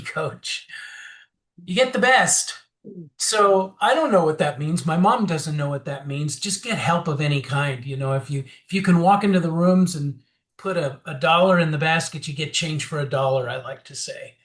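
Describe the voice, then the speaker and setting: Man telling his recovery story. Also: fairly high pitch. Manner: candid, animated storytelling with acted quotes; frequent fillers and restarts. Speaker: interview guest.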